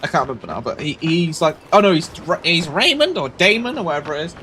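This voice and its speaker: A man, animated and swearing in casual chat as a streamer. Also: fast. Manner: animated, swearing, acts out quotes with sudden high yelps. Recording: noisy background.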